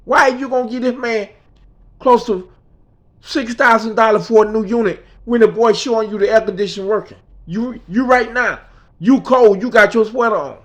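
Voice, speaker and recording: A woman's voice: on the high side, normal speed, close to an everyday voice. A man quoting an indignant scolding mother. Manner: emphatic, scolding. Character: indignant mother defending her son.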